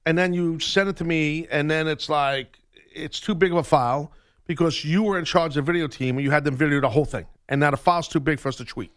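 A man with a slightly high voice talks fast while hosting a sports radio talk show. He's an animated storyteller spinning a long tale, acting out every voice, including both sides of a confrontation.

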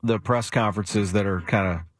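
A man's voice: lowish voice, normal speed, no room sound, clean studio sound. A man, a sports reporter, telling stories in casual talk, acting out the quotes he recounts. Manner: animated storyteller who acts out quotes. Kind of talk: casual radio talk storytelling.

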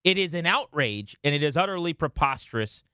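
A man hosting sports radio talk, hoarse from a cold and delivering emphatic, opinionated takes. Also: a little high, animated, a little fast, bright, forceful tone, dry recording, clean studio sound. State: hoarse from a cold, cracking when he laughs.

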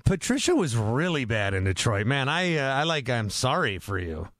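A man hosting a call-in sports radio show, animated and quick to jump in on callers. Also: mid-range voice, dry recording, clean studio sound. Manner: animated, talks over callers.

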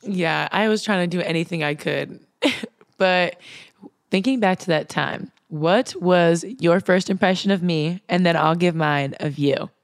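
A woman's voice: on the low side, measured pace, vocal fry. A young woman in her twenties hosting a podcast, telling stories in a casual chat and laughing often. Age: 20s. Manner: laughing, animated storytelling. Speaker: podcast host.

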